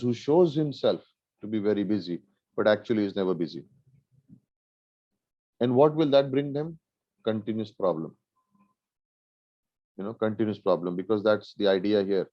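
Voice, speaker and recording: A man's voice: on the low side, no room sound. A man from India, a pastor teaching a Bible class in an earnest way, asking rhetorical questions and repeating phrases for emphasis. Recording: dull lo-fi dry recording.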